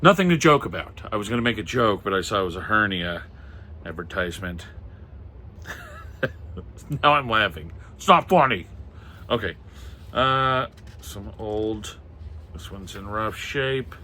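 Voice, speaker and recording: Bright-voiced man, lively, slow and wry. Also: on the low side. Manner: wry, muttering asides, reads titles aloud. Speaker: comic and pulp collector. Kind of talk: casual show-and-tell chat.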